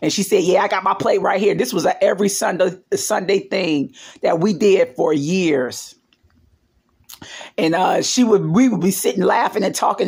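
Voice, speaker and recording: A woman's voice: medium pitch, creaky, a little mellow, breathy edge. A woman vlogger telling family stories in a rambling, casual way, with many fillers and side remarks. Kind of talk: casual storytelling vlog.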